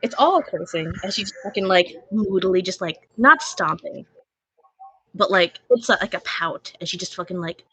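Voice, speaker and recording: A woman's voice: on the low side, lively intonation, moderate pace, a bit bright, husky, dry recording. A woman playing a tabletop role-playing game, swearing often and laughing as she describes her character. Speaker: player. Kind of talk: tabletop role-play banter.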